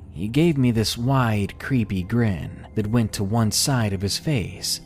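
A man narrating a scary story in slow, expressive storytelling. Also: mid-range voice, faint music behind. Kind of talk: scripted horror story narration.

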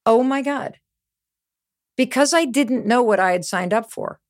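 A woman's voice: fairly high pitch, expressive, unhurried. A middle-aged woman giving a motivational talk, telling stories with energy and emphasis. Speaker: motivational speaker.

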